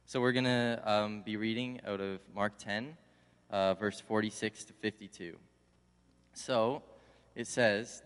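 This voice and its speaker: A man's voice: on the low side, a little slow, smooth. A young man, a college intern, giving a casual, conversational sermon. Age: young adult. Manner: conversational, animated when acting out the crowd. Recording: long hall reverb.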